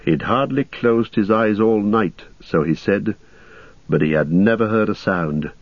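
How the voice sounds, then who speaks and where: A man reading an audiobook in a steady, measured storytelling voice, on a dull lo-fi recording. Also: fairly low pitch, no echo. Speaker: audiobook narrator. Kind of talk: scripted narration.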